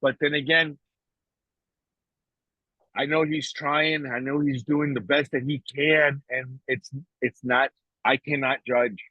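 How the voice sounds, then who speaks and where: A man's voice: mid-range voice, flat delivery, takes it slowly, pauses often, no room sound. A man talking casually on a podcast, blunt and profane, often emotional and restarting his sentences. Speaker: podcast co-host. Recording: dry, tinny phone-like sound.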